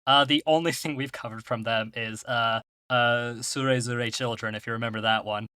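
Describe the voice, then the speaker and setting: A man co-hosts a podcast in loose, wry conversation, laughing often. His voice is bright and forceful. He is recorded close and dry. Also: mid-range voice, steady tone, moderate pace, smooth, no echo. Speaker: podcast co-host. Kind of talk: casual podcast chat.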